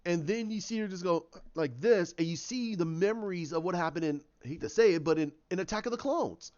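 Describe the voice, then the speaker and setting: A man retelling a story idea in casual talk, animated and full of restarts and sound effects as he acts out the scenes. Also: high-pitched, fairly quick, dull audio. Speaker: channel host.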